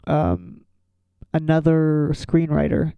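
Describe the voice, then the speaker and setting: Podcast co-host, male, slightly raised pitch with a fried, mellow tone; laid-back filler-heavy delivery. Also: slow, creaky, clean tone, no echo, highs cut off. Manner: relaxed, lots of fillers like "like" and "um". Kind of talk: casual chat about a film.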